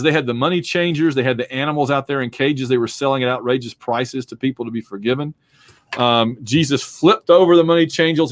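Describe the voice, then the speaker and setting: Male history instructor, casual lecturing style with jokes, mid-pitched voice, dry recording. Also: dry recording. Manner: chatty, with asides and jokes. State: yawning and hiccuping. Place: home basement.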